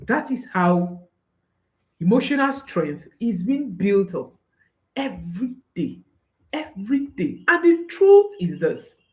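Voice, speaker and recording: Speaking straight to camera, a woman gives parenting advice in a slow, sing-song voice whose pitch rises and falls a great deal. She's earnest and emphatic, repeating her key phrases many times.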